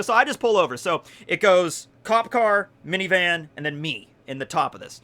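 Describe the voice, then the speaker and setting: A man in his twenties, a YouTuber, telling stories casually in an excitable way, swearing often and laughing along. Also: high voice, fairly quick, hardly any pauses. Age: 20s. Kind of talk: casual storytelling vlog.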